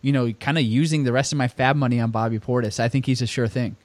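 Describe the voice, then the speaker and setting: A man hosting a casual fantasy basketball podcast, brisk and steering the talk. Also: mid-range voice, steady tone, no echo. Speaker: podcast host. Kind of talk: casual fantasy sports chat.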